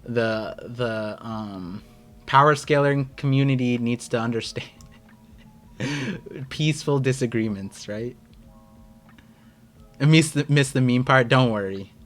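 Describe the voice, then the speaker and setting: A young American man hosting a live stream, chatting casually and excitedly with his viewers. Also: medium pitch, slow, long pauses, faint music behind. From United States. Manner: rambling, excitable, talks to chat. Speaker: streamer host.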